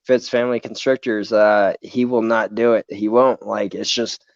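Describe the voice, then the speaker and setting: Laid-back man with a smooth voice. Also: fairly low pitch, fairly even intonation, normal speed, no echo. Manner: laid-back, says dude a lot. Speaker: live-stream host. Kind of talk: casual live-stream chat. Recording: dull, dry lo-fi stream audio.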